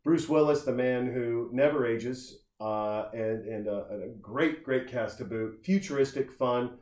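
Rambling storytelling podcast host, echoey room. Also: male voice, mid-range voice, a little slow, darkish tone. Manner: rambling storyteller, many restarts and filler words. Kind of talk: casual chat.

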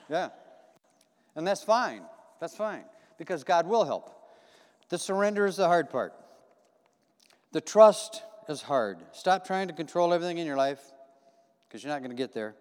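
A man preaching a conversational sermon in a church, folksy and repetitive, asking the congregation questions. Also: on the high side. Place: church sanctuary. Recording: long hall reverb.

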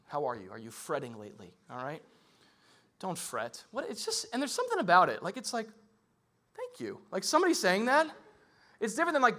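A man preaching a casual, conversational sermon, animated and full of rhetorical questions. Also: on the high side. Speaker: pastor.

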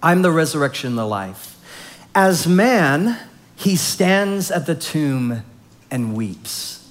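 A man preaching a sermon, reading scripture and retelling the story in a conversational, animated way with fillers. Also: fairly high pitch, takes it slowly. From Southern California. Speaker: pastor.

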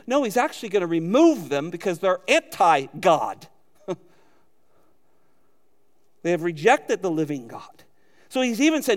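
A man preaching from the pulpit in a fairly high voice. He is animated and acts out quoted voices as he teaches. The sound has a long reverberant tail. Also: measured pace, pauses often. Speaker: pastor. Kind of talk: sermon.

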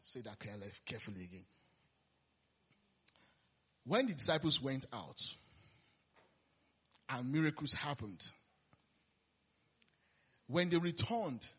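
A man preaching a conversational sermon, laughing often and swinging between loud emphasis and quiet asides. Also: a little high, husky.

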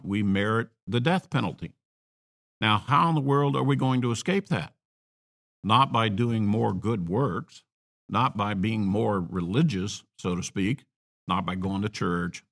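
A male preacher with a very low voice and a gravelly edge. He delivers his sermon as a story, climbing into emphatic peaks and then falling back into quiet asides. His talk sounds unscripted and conversational. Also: a little slow.

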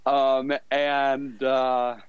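A man's voice: medium pitch, monotone, extremely slow, clean tone, no echo. Southern guy in his 50s rambling thru old stories, laughs at himself a lot, kinda dull lo-fi sound. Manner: rambling, self-deprecating, laughs often. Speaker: podcast guest, fashion designer. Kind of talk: casual storytelling interview.

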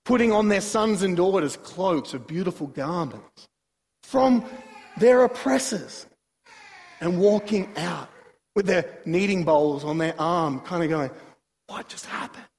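Male preacher, high-pitched and animated, sermon in a reverberant hall. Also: a little slow, creaky. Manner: animated, swings between soft asides and emphatic bursts. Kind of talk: sermon, Bible exposition.

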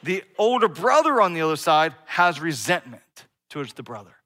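With frequent "right?" asides to the congregation, a middle-aged male pastor preaches in a conversational way. His voice is on the high side, sing-song and sharp, at a normal speed.

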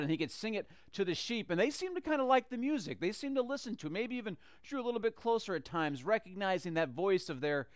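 A man tells a Bible story with lively, chatty energy, often restarting phrases as he goes. His voice sits high, and the recording is dry and close. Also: clean tone, dry recording. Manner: lively, conversational, with frequent restarts. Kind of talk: animated Bible story retelling.

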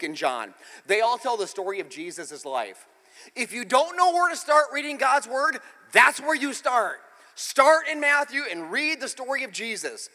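High, bright-voiced preacher man in a hall. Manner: animated storytelling, swings from hushed to near-shouting. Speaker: pastor. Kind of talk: sermon.

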